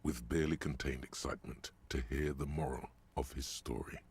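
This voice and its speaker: An actor voicing a grim, omniscient male video game narrator, deliberate and vivid in second-person narration. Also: very deep voice, fairly even intonation, a little mellow, slightly rough, exaggerated voice.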